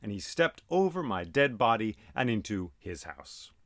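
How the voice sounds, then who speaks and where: A man telling an old myth aloud as host, dramatic and animated, voicing sound effects as he goes. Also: lowish voice, moderate pace, no echo, studio quality. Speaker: storyteller and podcast host. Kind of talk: oral storytelling of myth.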